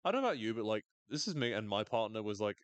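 A man casually recapping a TV episode on a podcast, animated, sweary and wry. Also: lowish voice, racing, no room sound.

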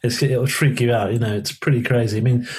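A man's voice: mid-range voice, steady tone, a little fast, darkish tone, slightly rough. A man with a Southern English accent and slight Liverpool traces, chatting casually as a guest and telling stories, swearing now and then. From England, born in Liverpool, raised in London. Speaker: guest musician. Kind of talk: casual conversation.

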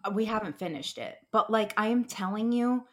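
A woman's voice: medium pitch, expressive, a little fast, a bit bright. An American woman co-hosting a podcast in a casual chat, emphatic and gushing, restarting her sentences often. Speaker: podcast co-host.

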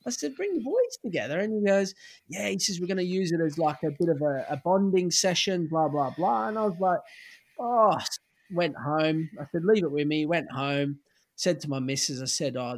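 A middle-aged Australian man with a slightly high voice spins a casual anecdote as a podcast guest. He acts out the people in his story as he goes, in an easy, chatty way. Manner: animated anecdote-telling, acts out quoted lines. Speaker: guest, former footballer.

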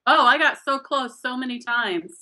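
A woman's voice: high-pitched, moderate pace. A middle-aged woman, an author being interviewed, chatting casually and acting out her own quotes with frequent laughs. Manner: animated storyteller, acts out quotes, laughs often. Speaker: author guest.

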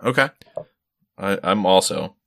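A man's voice: low-pitched, expressive, a little slow, vocal fry, pushed and bright, a little hiss or hum. A man co-hosting a casual podcast chat over a remote call, joking and rambling. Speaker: podcast co-host. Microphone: remote call recording.

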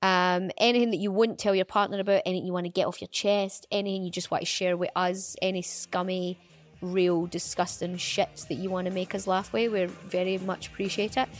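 A woman's voice: on the low side, steady tone, fairly quick, dry recording, faint music behind. A woman co-hosting a podcast in frank, casual chat, swearing freely while unwell with a lingering cough. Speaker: podcast co-host.

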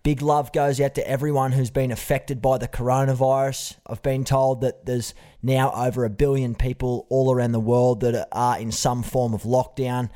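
A man's voice: mid-range voice, flat delivery, normal speed, few pauses. A young Australian man hosts a casual podcast interview with a mid-range voice. He talks in an earnest, friendly way and keeps calling his guest mate. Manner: warm, earnest, says mate often. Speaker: podcast host.

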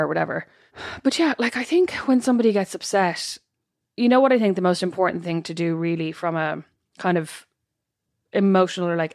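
A woman's voice: lowish voice, creaky, darkish tone, no room sound, studio quality. A woman co-hosting a casual chat, talking in a thoughtful, reflective way with plenty of fillers. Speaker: podcast co-host.

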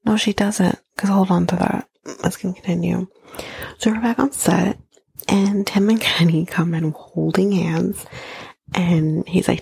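A woman hosting a podcast, recapping a reality show in a blunt, sarcastic, swearing way, often slipping into a breathy near-whisper. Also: fairly low pitch, fairly even intonation, measured pace, darkish tone, no room sound. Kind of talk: casual recap monologue.

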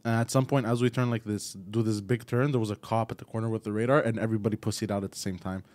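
A man's voice: fairly low pitch, steady tone, fast talker, darkish tone. A man in casual comedy podcast banter who rambles and sounds unsure of himself.

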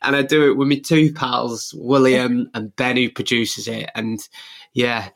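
A man's voice: mid-range voice, little pitch movement, a little slow, creaky. Young guy, chatty and easygoing, lots of laughing, regular middle voice. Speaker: podcast host and radio presenter. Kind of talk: casual interview chat.

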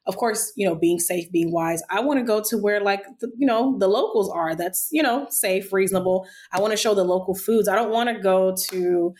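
A woman raised in Texas, a travel vlogger chatting as an interview guest and telling lively stories with frequent laughter. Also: mid-range voice, fairly quick, hardly any pauses. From born in Nigeria, raised in Texas. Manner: animated storyteller, laughs often. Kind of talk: casual interview chat.

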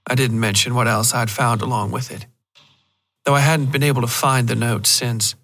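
Male narrator, mid-pitched voice, steady measured horror story reading. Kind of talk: scripted narration.

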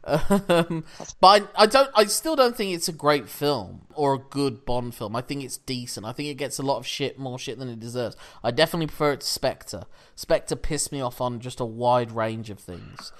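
A young man co-hosting a podcast, chatting casually about films with quick jokes and frequent laughter. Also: mid-range voice, lively intonation. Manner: quick, jokey, laughs often. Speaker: podcast co-host. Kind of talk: casual film review chat.

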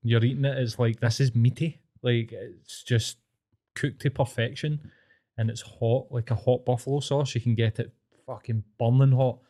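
A Scottish man with a mellow, darker voice at an ordinary pitch, trading enthusiastic, sweary banter. His delivery is loose and conversational, like a podcast co-host chatting with a friend. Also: fairly even intonation, normal speed. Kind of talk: casual chat.

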